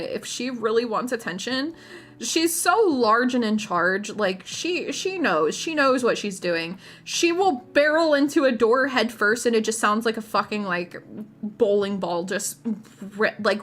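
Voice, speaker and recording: A woman's voice: on the high side, a bit bright. A woman streamer chatting casually to her viewers while painting miniatures, rambling, giggling and often restarting her sentences.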